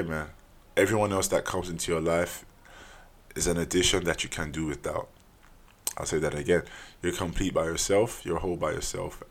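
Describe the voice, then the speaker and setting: Young man, podcast host, low husky voice, casual earnest solo talk, frequent restarts.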